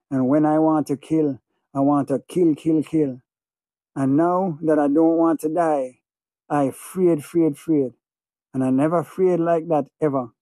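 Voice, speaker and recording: A man's voice: on the high side, mellow, no echo. A man narrating an audiobook in the first person, in a feverish, obsessive way with heavy repetition.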